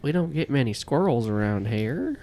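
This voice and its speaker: Casting: game master, rambling narration, gravelly voice with lively pitch. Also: male voice, moderate pace, a little hiss or hum. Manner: rambling, filler-heavy narration.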